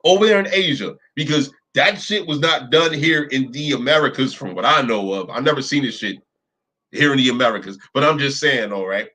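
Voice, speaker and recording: A man giving profane, animated commentary as he reacts to videos, full of rhetorical questions and repetition. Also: medium pitch, brisk.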